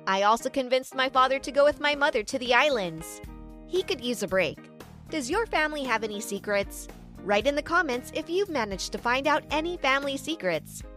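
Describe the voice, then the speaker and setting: A woman's voice: sits high, animated, brisk, a bit bright, soft background music. A woman narrating a dramatic first-person story, voicing the quotes lightly.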